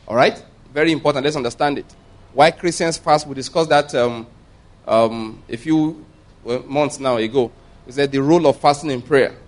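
Emphatic male preacher, slightly high voice. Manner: emphatic, repeats points and asks the audience rhetorical questions. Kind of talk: sermon.

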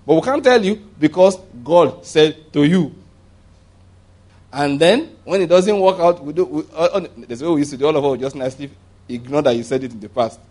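A man preaching a sermon, animated and humorous, often restarting sentences and acting out the voices he quotes. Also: a little high, brisk.

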